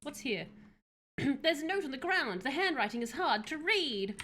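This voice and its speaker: A woman giving animated, laughing commentary while streaming a horror game. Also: high-pitched, measured pace. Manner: animated, laughs often, yelps and shrieks at scares. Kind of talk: casual gameplay commentary.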